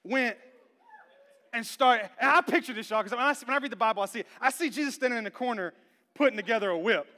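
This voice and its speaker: A male pastor in his thirties gives a playful, animated sermon at a quick pace in a very high, bright voice. He swings from hushed talk to shouting, and a long church reverb trails each phrase.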